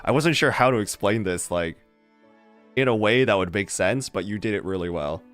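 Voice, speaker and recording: Animated, laughing game streamer. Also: low voice, normal speed, soft background music. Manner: animated, laughs often, rambling. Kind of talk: casual chat with live chat.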